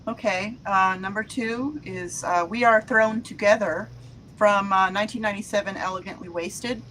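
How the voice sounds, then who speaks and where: A woman's voice: medium pitch, normal speed, a bit bright, a little hiss or hum, poor audio. Matter-of-fact woman listing songs. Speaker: panelist. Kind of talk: casual chat.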